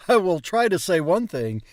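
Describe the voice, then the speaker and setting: A man learning a language, chatting casually and slowly repeating words as he asks how to pronounce them. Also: on the high side, no room sound. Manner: slow, questioning, repeats words to test pronunciation. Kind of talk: casual chat about pronunciation.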